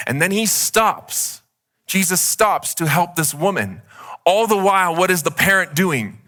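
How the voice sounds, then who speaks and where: A man's voice: fairly high pitch, sing-song, unhurried, pushed and bright. A male pastor giving a conversational sermon, often saying "like" as he speaks. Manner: conversational, heavy use of "like".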